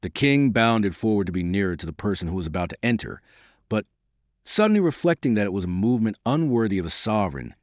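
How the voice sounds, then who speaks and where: A man narrating an audiobook in a measured, dramatic reading. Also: lowish voice, big pitch swings, no echo, clean studio sound. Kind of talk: scripted narration.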